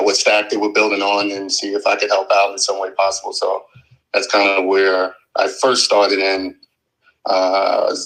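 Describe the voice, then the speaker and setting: A man chatting on an audio chat app stream. His voice sits low and barely moves in pitch, and its tone is bright. He rambles easily, full of ums and restarts. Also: low-quality recording. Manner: relaxed, rambling with many fillers. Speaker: guest developer. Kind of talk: casual chat.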